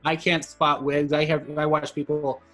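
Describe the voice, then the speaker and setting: A co-host of a casual film review with a mid-pitched voice, rambling through restarted sentences and sinking lower when complaining. Faint music sits behind the voice. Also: flat delivery, moderate pace, fairly bright tone.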